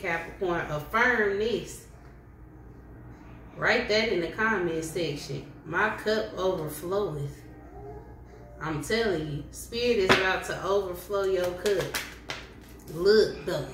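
Slow-talking woman doing a tarot reading. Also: medium pitch, fairly bright tone. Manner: slow, repetitive, affirming, speaks directly to viewers. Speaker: tarot reader. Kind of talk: casual tarot reading to camera. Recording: roomy home recording with faint hiss.

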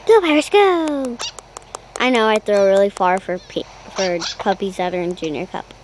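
A young girl casually commentating her pet game, rambling and chatty, cooing in a high voice at her puppy. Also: fairly even intonation, normal speed, slight background noise, low-quality recording. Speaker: gaming vlogger.

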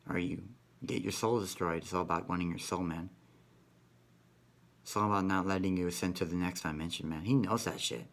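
Deep-voiced man rambling, saying "man". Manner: rambling, repeats "man" constantly; profane, conspiratorial. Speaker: vlogger. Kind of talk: rambling monologue.

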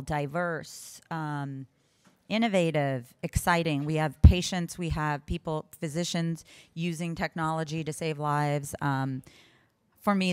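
Lady moderator, low smooth voice, dry sound, kinda rambly intro. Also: no echo. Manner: loose, rambling, halting. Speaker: session organizer and moderator. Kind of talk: conference session introduction. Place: conference stage.

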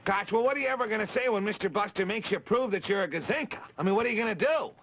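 A man voicing an eager, cheerful boy puppet on a 1950s children's TV show, excited and chirpy. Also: high voice, very fast, pitched above the performer's own voice. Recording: dull noisy 1950s TV audio.

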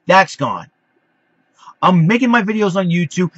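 A man with a high, husky voice rants into the camera in a stammering, repetitive way. The sound is dry and close, with a dull, lo-fi quality. He stays indignant throughout. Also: very animated, moderate pace, a bit bright, no echo. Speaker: YouTuber addressing his critics. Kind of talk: angry vlog rant.

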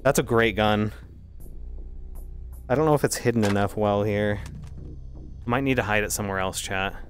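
A man streaming a game live, thinking out loud and talking straight to his chat as he plays. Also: on the low side, moderate pace, soft background music. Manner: chatty, thinking aloud while playing. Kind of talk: live gameplay commentary to chat.

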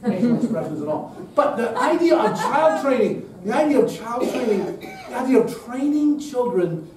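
A man's voice: extremely high pitch, very animated, normal speed, heavy reverb, distant mic, crowd noise, poor audio. A man giving an emphatic lecture-style talk at a public event, posing rhetorical questions to the audience.

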